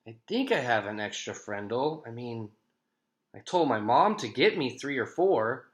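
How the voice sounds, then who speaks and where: A man's voice: mid-range voice, very animated, a little slow. A man voicing an eager schoolboy who puts on a theatrical show, reading a children's book aloud. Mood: showy. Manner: over-the-top, showy.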